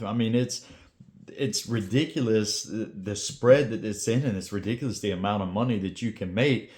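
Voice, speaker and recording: A man's voice: fairly low pitch, a little mellow. A man talking to camera in a blunt, casual pep-talk style, full of slang, urging viewers to start a channel. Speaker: YouTube creator giving advice.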